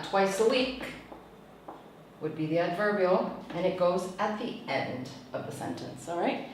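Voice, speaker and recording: A woman's voice: on the low side, darkish tone, a little hiss or hum. A woman teacher trainer giving a tutorial lecture, explaining patiently and checking in with "okay?" after each point. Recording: echoey room, mic far off.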